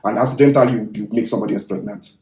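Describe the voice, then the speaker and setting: Nigerian man, podcast guest, lively anecdotes, roomy echo. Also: fairly low pitch, racing. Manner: animated storyteller, repeats himself. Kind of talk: casual podcast chat. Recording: echoey room.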